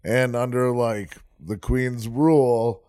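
A man's voice: mid-range voice, fairly even intonation, takes it slowly, a little mellow, no room sound. Rambling casual man, dry sound. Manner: rambling with many fillers. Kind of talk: casual chat.

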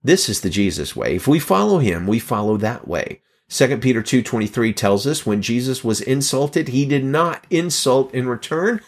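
A man's voice: mid-range voice, normal speed, hardly any pauses. A middle-aged man preaching a sermon, reading scripture and then talking it through, with his voice jumping up for rhetorical questions. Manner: animated, rising sharply for rhetorical questions. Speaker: pastor.

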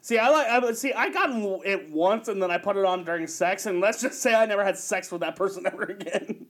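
A man's voice: high-pitched, a little fast, a bit bright. A man hosting a podcast, teasing his co-host with crude jokes and frequent laughter. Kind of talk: casual comedic chat.

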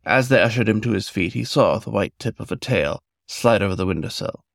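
A man reads a story aloud in a measured, scripted storytelling manner. His voice is gravelly and fairly low, recorded dry and close. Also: no room sound. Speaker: narrator.

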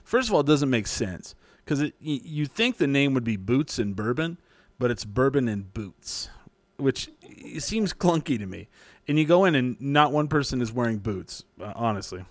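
A man's voice: mid-range voice, sing-song, normal speed, dry recording. A young man from New Mexico telling a long story in casual chat, rambling, swearing and laughing often.

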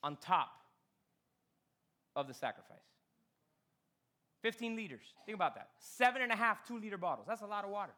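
A man preaching a sermon in a church, telling Bible stories with animated delivery and acting out the characters. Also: high-pitched, moderate pace, long pauses. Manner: slips into Spanish phrases. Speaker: pastor.

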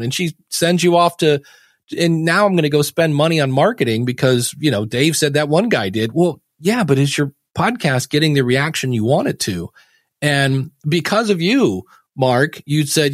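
A man's voice: mid-range voice, normal speed, no echo, clean studio sound. Folksy podcast guest, American man. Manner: folksy, acts out quoted voices. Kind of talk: casual chat.

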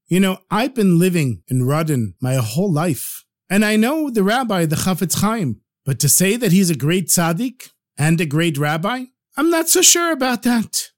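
A man's voice: high voice, very animated, normal speed, hardly any pauses. A man voicing a humble old rabbi who speaks in an understated, wry way.

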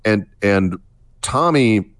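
A man's voice: fairly low pitch, expressive, drawn-out words. A man co-hosting a casual music podcast, thinking aloud with frequent restarts and fillers. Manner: hesitant, many restarts and fillers. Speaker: podcast co-host.

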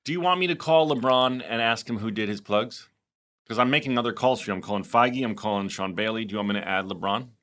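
A man co-hosting a podcast, chatting casually and telling lively anecdotes. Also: on the low side, quick pace. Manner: animated storyteller who acts out quoted lines. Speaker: podcast co-host. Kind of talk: casual chat.

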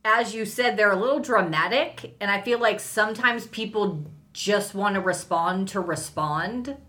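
Bright-voiced woman chatting dryly. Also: medium pitch, a little slow. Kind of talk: casual podcast chat.

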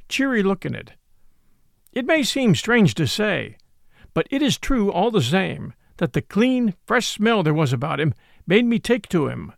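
A man reading a classic novel aloud as an audiobook, in a gentle storytelling manner. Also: high voice, gravelly, no echo, clean studio sound. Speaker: audiobook narrator. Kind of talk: scripted narration of a classic novel.

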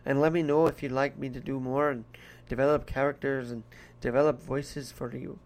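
A man's voice: mid-range voice, flat delivery, normal speed, a little mellow. A man hosting his own podcast in a put-on Irish brogue, rambling chattily from one topic to the next. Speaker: podcast host. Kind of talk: casual solo podcast monologue.

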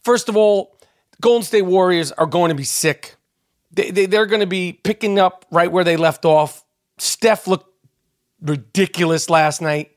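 A man's voice: sits high, measured pace, no echo, clean studio sound. Profane, rambling male podcast ranter. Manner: profane, rambling, heated rant with stammers. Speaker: podcast host. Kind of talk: ranting monologue.

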